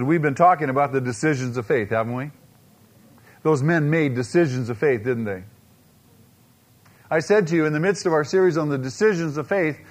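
A man preaching a sermon to a congregation, pressing his points with rhetorical questions, dramatic slow-downs and quiet asides. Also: fairly high pitch. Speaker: pastor.

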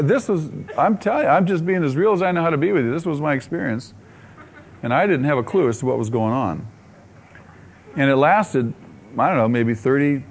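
A man preaching, telling his own story with animated delivery, acting out his inner dialogue and laughing often. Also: mid-range voice, slight background noise. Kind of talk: sermon testimony storytelling.

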